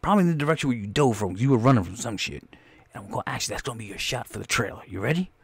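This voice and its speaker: A hot-tempered film director with a foul mouth bosses his actor around in a swinging, lively voice, as a man puts him on. His temper runs short, and the sound is dry and close. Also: medium pitch, racing, gravelly, husky, dry recording. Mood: coaxing. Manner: coaxing, then yelling insults.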